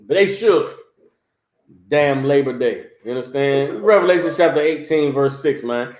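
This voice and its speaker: A man preaching on a livestream, animated and mocking, often asking "You understand?". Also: medium pitch, moderate pace, echoey room. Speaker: religious teacher.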